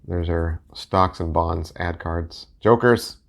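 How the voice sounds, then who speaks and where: Very low-voiced rambling middle-aged man. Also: slow pace, gravelly. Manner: rambling, joking and self-mocking. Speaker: deck collector and video host. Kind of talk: casual playing-card deck review.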